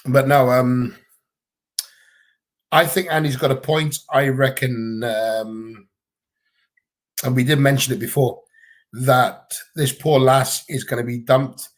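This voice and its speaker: A man's voice: medium pitch, steady tone, slow, pauses often. A man with a Gibraltarian accent, chatting bluntly and casually on a livestream Q&A from home, swearing freely. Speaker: livestream co-host.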